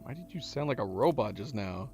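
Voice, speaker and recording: A man's voice: fairly low pitch, expressive, fairly quick, darkish tone, soft background music. A man hosting a let's-play, casually thinking aloud and joking at the game characters. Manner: thinking aloud, chatty and wry. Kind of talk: casual gameplay commentary.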